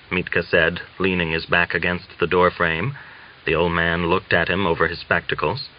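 A man with a low voice reads a novel aloud in a measured, even storytelling manner. The recording is dull and lo-fi, like an older audiobook transfer. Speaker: audiobook narrator. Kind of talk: scripted narration of a novel.

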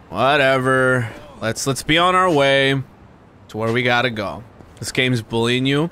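A man's voice: mid-range voice, measured pace, sharp tone, slight background noise. A young man streaming a video game, reacting aloud with frequent swearing and sudden frustrated outbursts. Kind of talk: casual gaming stream commentary.

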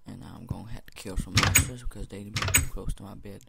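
A man's voice: on the low side, fast, gravelly, very noisy. A man giving rambling let's-play commentary on a gaming headset, mumbling and drifting into whispered asides. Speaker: gamer commentator.

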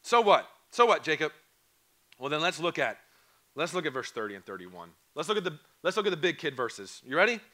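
A young man with a hoarse, fading voice preaching an earnest youth camp sermon, repeating phrases and asking students questions. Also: a little high, big pitch swings, fairly quick, pushed and bright. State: hoarse, voice going. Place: church or camp hall.

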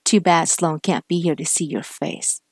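A woman's voice: sits low, moderate pace, dry recording, clean studio sound. A woman voicing a taunting killer cop. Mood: bitter menacing. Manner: taunting, menacing. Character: vengeful male cop turned killer.

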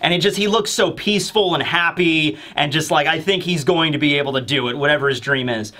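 A man's voice: fairly high pitch, fairly quick, bright, forceful tone. A man hosting a manga review who talks in an emphatic, insistent, joking way. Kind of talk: casual commentary video.

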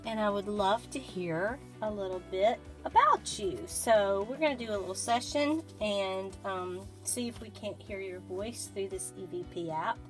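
A woman hosting a casual vlog, gushing and giggly as she talks to a doll in a put-on accent. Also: mid-range voice. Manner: using a fake accent. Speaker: host of a haunted doll channel. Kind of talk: casual vlog, spirit session.

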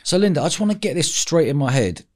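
A man's voice: fairly high pitch, sing-song, fast talker. A man hosting a podcast, asking probing questions and giving short encouraging replies. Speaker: podcast host. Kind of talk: interview questions.

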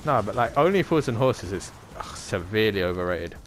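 A man's voice: fairly low pitch, very animated, brisk, slight background noise. A young man chatting casually while gaming, swearing and teasing his friends. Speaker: gamer.

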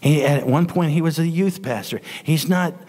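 Preacher with an echoey hall sound. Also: male voice, fairly high pitch, moderate pace, darkish tone. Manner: call-and-response preaching, repeating amen and hallelujah; reads scripture aloud, stumbling over words. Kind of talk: sermon. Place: church sanctuary.

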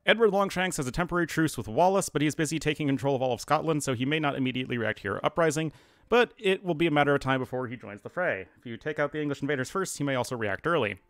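A man's voice: a little high, expressive, very fast, fairly bright tone, dry recording, clean studio sound. A man playing a strategy game and reading its mission briefing aloud, stumbling over words with frequent fillers. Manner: reads briefing text with frequent fillers and restarts. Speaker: game streamer.

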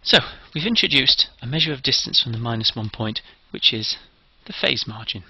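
A man's voice: medium pitch, animated, normal speed, creaky, bright, forceful tone, slightly rough, dry recording, muffled recording. A man giving a methodical, step-by-step engineering lecture.

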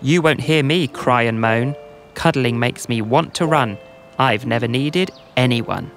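A man's voice: medium pitch, unhurried, fairly bright tone, faint music behind. A man voicing a grumpy, prickly female cactus in a rhymed bedtime story, snappy and scornful.

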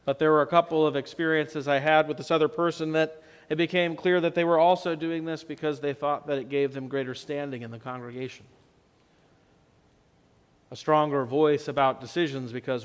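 A man preaching a sermon as pastor, telling the story in a conversational way and swinging between loud and soft for emphasis. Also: a little high, steady tone, fairly quick, smooth. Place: church sanctuary. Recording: long church reverb.

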